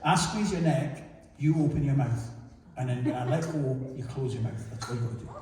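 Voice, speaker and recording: A magician doing jokey, teasing banter with volunteers during a live show in a large hall. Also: male voice, medium pitch, brisk, a crowd in the background. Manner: jokey, teasing audience banter, laughing often. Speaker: magician and entertainer. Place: large church hall with audience. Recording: echoey hall recorded from far off, noisy.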